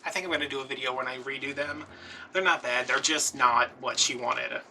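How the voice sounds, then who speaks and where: A man's voice: mid-range voice, fairly even intonation, a little fast, background noise. A man hosting a DIY wreath-making vlog, telling rambling, chatty stories with lots of fillers while he crafts. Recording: distant mic with background music.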